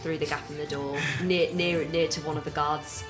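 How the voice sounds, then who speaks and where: A woman playing in a tabletop game, giggling and halting as she describes her move. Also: sits low, level tone, over music. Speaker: player. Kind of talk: casual tabletop play.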